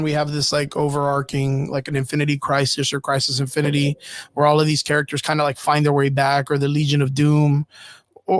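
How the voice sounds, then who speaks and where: A man co-hosting a casual podcast chat, rambling and cursing through an animated fan rant. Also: a little high, no echo. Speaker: podcast co-host.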